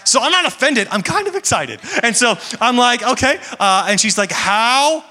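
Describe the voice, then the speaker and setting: A man's voice: very high voice, sing-song, brisk, bright, forceful tone. A young man preaching to a church congregation, talking casually and joking. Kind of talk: sermon. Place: large church hall. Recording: echoey hall with long reverb.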